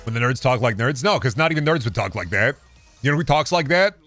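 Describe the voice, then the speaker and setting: A man's voice: medium pitch, expressive, fast talker, a bit bright, soft background music. A male streamer in casual live-stream chat, ranting sarcastically and swearing.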